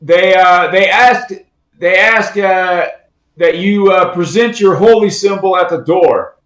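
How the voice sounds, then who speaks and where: A man's voice: high-pitched, slow pace, a bit bright. A man voicing a blunt, wry mercenary woman who guards a door in a roomy-sounding recording. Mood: businesslike. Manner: blunt and wry, with clipped replies.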